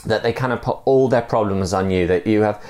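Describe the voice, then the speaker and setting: A man's voice: on the low side, brisk, darkish tone. A man gives a church talk in a conversational way, with frequent "uh" fillers as he tells a story. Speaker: church speaker.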